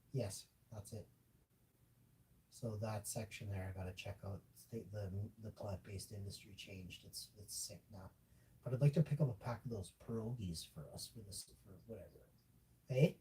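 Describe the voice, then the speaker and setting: A man chatting casually on a livestream, rambling and joking with lots of fillers. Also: dark tone. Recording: distant mic with faint rumble.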